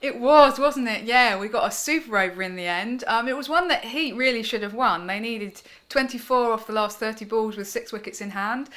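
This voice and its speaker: A woman co-hosting a podcast, talking casually and lively with some fillers. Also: fairly high pitch, moderate pace, few pauses. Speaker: podcast co-host. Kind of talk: casual chat.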